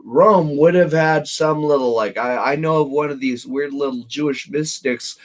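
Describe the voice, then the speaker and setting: A man's voice: on the high side, normal speed. Rambling man talking to himself. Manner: meandering, restarts often, swings between loud and mumbled. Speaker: channel host. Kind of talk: rambling solo commentary while reading.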